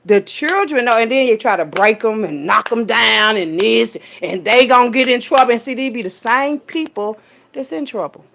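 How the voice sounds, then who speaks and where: A woman speaking, in a streetwise, profane storytelling rant. Her voice leaps up high and loud when she mimics others, then drops low and soft. The delivery is loose and conversational, like a vlog monologue. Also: moderate pace, gravelly. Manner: animated, profane, streetwise storytelling with big pitch jumps when quoting people. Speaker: vlogger.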